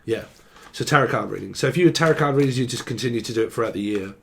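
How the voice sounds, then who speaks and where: Talking very fast with few pauses, this man delivers a rambling solo tarot reading to camera, free-associating on words, joking around, and swearing casually. His gravelly voice is at a typical male middle pitch with a fairly bright tone, and there's slight background noise.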